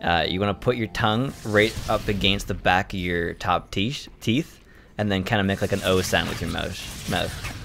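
A young man playing a game on a let's play, loud and excitable, joking and yelping as he plays. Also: low voice, moderate pace, gravelly. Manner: loud, excitable, yelps and jokes while playing. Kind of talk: casual gameplay chat.

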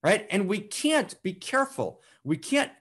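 A man preaches with fervent emphasis, repeating phrases and rising to loud declarations before dropping to quiet, slow passages. His voice is slightly high and husky, with a lively, swooping pitch. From United States. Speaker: spiritual teacher. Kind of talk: impassioned spiritual teaching. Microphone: online broadcast to a live chat.

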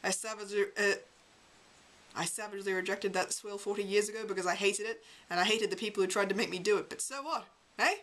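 A woman reading a book aloud at home, giving the biting text a wry, sardonic edge. Her voice is bright and forward, set at an ordinary middle pitch. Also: fairly even intonation, fast, poor audio. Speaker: amateur reader.

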